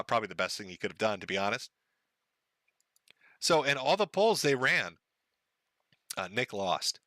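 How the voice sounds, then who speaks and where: A man's voice: medium pitch, bright, forceful tone, no room sound. An older man hosting a stream, giving mocking, profane commentary and laughing at his own jokes. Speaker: streamer host.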